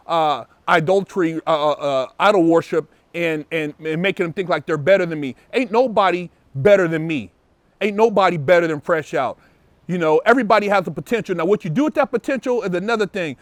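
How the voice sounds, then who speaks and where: A man's voice: sits high, dry recording. A man hosting a show, answering viewer comments in an emphatic, opinionated monologue, repeating words when fired up. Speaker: show host. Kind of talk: casual monologue responding to comments.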